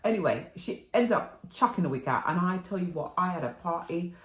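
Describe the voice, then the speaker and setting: Middle-aged brit lady rambling through stories, lowish voice that swoops all over, echoey room. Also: fairly quick. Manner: rambling, animated, swears and laughs. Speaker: vlogger. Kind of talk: chatty storytelling haul video. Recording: roomy echo.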